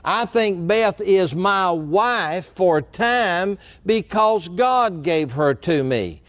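A middle-aged man preaching a sermon as a pastor. He talks earnestly, slows down for emphasis and repeats key phrases. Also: high voice, lively intonation, a bit bright, no room sound.

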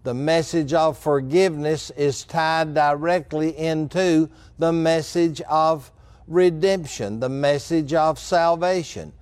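Earnest preacher, dry close sound. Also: male voice, a little high, a little mellow, clean tone, dry recording. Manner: measured, earnest preaching with asides to the congregation. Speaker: pastor. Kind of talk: sermon.

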